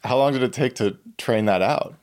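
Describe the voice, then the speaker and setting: A man hosting a casual interview, relaxed and easily amused as he asks questions. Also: mid-range voice, moderate pace.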